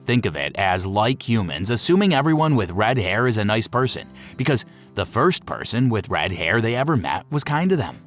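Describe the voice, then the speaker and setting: A man giving playful, lively scripted narration for an explainer video. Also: fairly low pitch, normal speed, few pauses, faint music behind.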